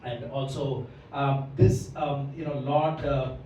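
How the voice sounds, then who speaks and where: Taking his time, a man with a mellow, medium-pitched voice and fairly even intonation lectures on devotional scripture for a Bhagavatam class, explaining at length and often asking "right?". The mic is far off in an echoey hall, with slight background noise.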